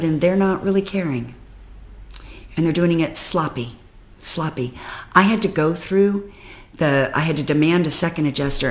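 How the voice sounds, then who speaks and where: A woman telling a candid personal story to the camera, venting and emotional, dropping low and weary, then rising loud and exasperated. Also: creaky. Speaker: personal development vlogger.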